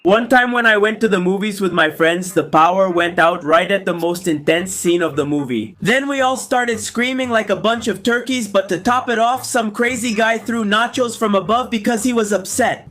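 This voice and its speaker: A man narrating funny personal mishaps in an animated, comic storytelling style. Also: high voice. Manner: animated, quick, comic voices for quotes.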